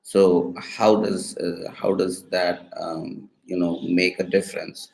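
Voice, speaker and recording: Slow, gravelly, low-voiced man. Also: level tone, darkish tone, poor audio. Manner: hesitant, with fillers and restarts while working through a question. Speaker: student asking questions. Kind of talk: casual spoken questions.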